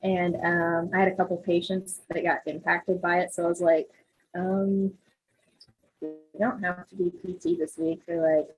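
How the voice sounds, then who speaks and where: A woman's voice: on the low side, flat delivery, moderate pace, breathy edge, low-quality recording. A woman who works as a physical therapist, animatedly telling a story in casual chat, acting out the voices and laughing often.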